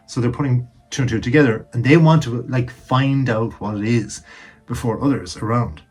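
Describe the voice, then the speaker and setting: A man's voice: medium pitch, darkish tone, breathy edge. A man casually giving advice on telling jokes to camera, chatty and emphatic, dropping jokey asides while seated indoors.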